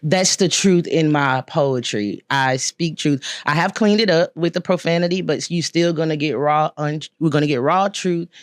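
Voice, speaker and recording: A woman with a Southern accent, a spoken word poet talking as a guest in a casual, lively and expressive way, laughing often. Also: low voice, normal speed, few pauses, no room sound, studio quality. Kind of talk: casual podcast conversation.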